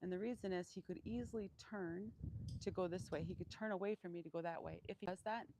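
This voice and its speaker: Woman trainer, lowish voice, calm and monotone, outdoor pen, faint noise. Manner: calm, low-key, deliberately monotone. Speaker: donkey trainer. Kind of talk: live training demonstration.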